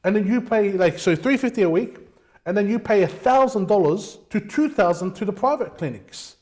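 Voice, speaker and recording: A man's voice: sits high, expressive, normal speed, a little mellow. A man hosting a talk show, delivering passionate, opinionated political commentary, often calling listeners "mate". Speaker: show host.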